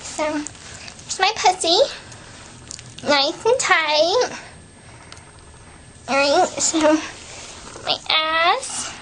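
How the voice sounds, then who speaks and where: Young woman w a really high voice, slow and halting, lots of ums, earnest, recording herself on camera. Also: expressive, slight background noise, poor audio. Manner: soft, hesitant, with many fillers and restarts; earnest and devoted in tone. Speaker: person recording a private video message. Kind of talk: casual spoken video message. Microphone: self-recorded video camera.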